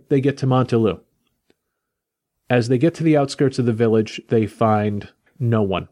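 A man's voice: medium pitch, dark tone. A man casually recapping a comic book plot in a rambling way, with frequent restarts.

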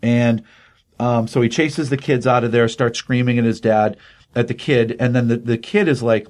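Man in his fifties, host, casual recap, animated storytelling, fillers, mid-pitched voice. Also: normal speed. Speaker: podcast host. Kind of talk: casual comic-book recap.

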